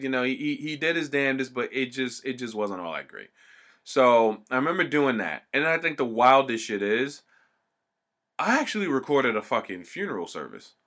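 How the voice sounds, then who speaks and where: A man's voice: medium pitch, pushed and bright. A man telling stories in a casual, profane way, swearing constantly and acting out the people he quotes.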